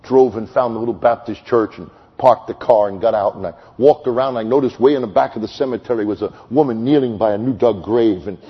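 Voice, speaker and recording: Man, evangelist preacher, sermon storytelling, husky, dull lo-fi recording. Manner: swings from loud, high exclamations to hushed, slow tones. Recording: long hall reverb, dull lo-fi sound.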